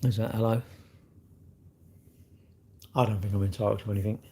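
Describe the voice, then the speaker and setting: A man's voice: on the low side, flat delivery, normal speed, warm tone, husky. A middle-aged man hosting a casual livestream, chatting bluntly and jokingly with viewers as he reads their comments. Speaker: livestream host.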